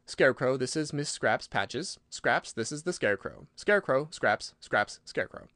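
A man's voice: medium pitch, lively intonation, normal speed, sharp tone, dry recording. A man doing a fussy shaggy old wanderer. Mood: formal. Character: good-humored shaggy older traveler man.

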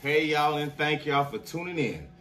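A man's voice: fairly high pitch, moderate pace, a bit bright, slight background noise. A man, a chef, chatting his way through a casual food review at home and constantly addressing viewers as "y'all.". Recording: voice a bit far from the mic.

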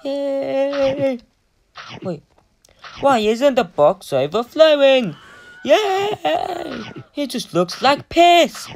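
A young gamer giving casual, excitable commentary on play, swearing often and breaking into silly singing. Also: high-pitched, very slow, gravelly, slight background noise. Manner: excitable, swears a lot, sings and squeals. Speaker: gameplay commentator.

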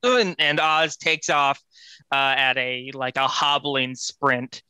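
A man's voice: mid-range voice, level tone, slow pace, sharp tone, smooth, no room sound. A man playing a tabletop game and describing what his character does. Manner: casual, describes own character. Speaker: player.

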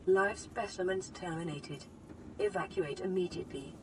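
A woman as a flat game computer voice. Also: on the low side, moderate pace, a little hiss or hum, natural voice, low-quality recording. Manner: flat, clipped announcements. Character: computer voice translating an alien warning.

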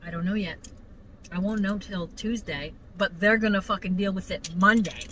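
A young woman vlogger telling a work story to her mother in casual, animated, profane talk. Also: medium pitch, normal speed, slight background noise, poor audio.

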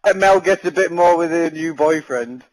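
A man on a headset in game party chat, loud and laughing, teasing his mates crudely. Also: a little high, moderate pace, rough recording. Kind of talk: casual gaming banter.

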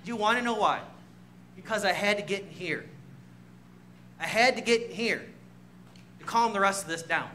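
A man delivering a sermon in a church, his voice pitched high and ringing bright. He preaches in a storytelling way, mocks himself and laughs often, with a faint hum behind him. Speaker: pastor. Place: church sanctuary.

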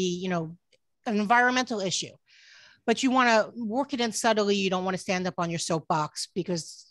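A woman's voice: mid-range voice, no echo. Earnest woman editor on a video call. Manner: earnest, frequent restarts and "um"s. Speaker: book editor giving a talk. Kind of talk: online workshop presentation. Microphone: computer mic on a video call.

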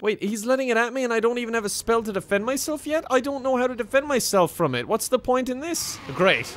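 A man's voice: a little high, a bit bright, slight background noise. A man in his twenties with an Irish accent, giving sarcastic let's-play commentary, laughing often and swearing casually. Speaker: gaming commentator.

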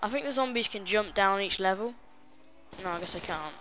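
A man's voice: high-pitched, fairly quick, bright, forceful tone, slight background noise. A young man giving rambling, casual gaming commentary full of fillers and asides. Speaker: gaming YouTuber.

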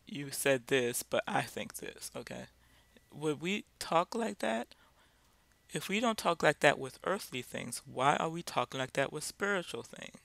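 A man's voice: a little high, gravelly, pushed and bright, dry recording. A man giving an informal Bible lesson, speaking directly and driving his points home with repeated rhetorical questions. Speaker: Bible teacher.

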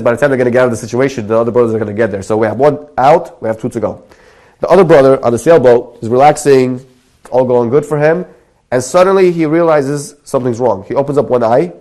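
A man, a rabbi, giving a sermon and telling a parable, acting out the characters in an animated storytelling voice. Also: mid-range voice.

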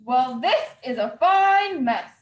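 A woman's voice: high voice, expressive, slow pace, dull audio. A cheerful, hearty old Santa Claus, as a woman reading a story aloud puts him on, kind and encouraging to his helpers. The voice swoops and lilts as she reads, heard in an echoey room. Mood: amused. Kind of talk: storybook read-aloud character voice.

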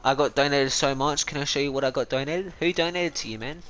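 A man's voice: mid-range voice, quick pace, fairly bright tone. An Australian man streaming a game live, chatting casually and rambling between trades with his viewers. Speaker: gaming streamer. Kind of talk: casual live-stream chat while trading. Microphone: personal streaming mic.

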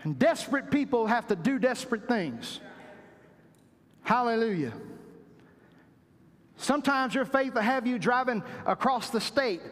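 A pastor with a very high-pitched voice preaches a sermon, dramatizing quotes by acting them out and hammering home emphatic, repeated phrases. A long reverb tail trails after his words.

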